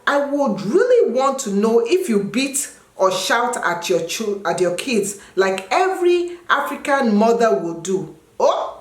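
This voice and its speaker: A woman from Nigeria, around her thirties, chatting casually as she answers viewer questions and jumping into high sung and yelled bits. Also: sing-song, a little slow, echoey room. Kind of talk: casual chat.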